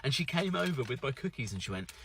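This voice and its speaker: A British man telling a self-mocking anecdote to camera in a casual, animated way. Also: medium pitch, quick pace, slightly rough. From Britain.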